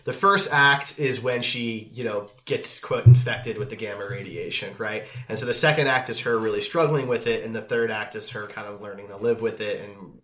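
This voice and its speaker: A man chatting casually on a podcast, quick with jokes. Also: lowish voice, a bit bright. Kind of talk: casual chat. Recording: roomy echo.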